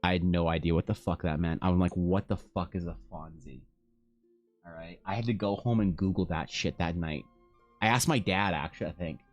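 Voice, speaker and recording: Low-voiced man rambling on stream. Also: brisk, lo-fi sound, soft background music. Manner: rambling storyteller, swears casually, laughs often. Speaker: art streamer. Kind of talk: casual chat while drawing on stream.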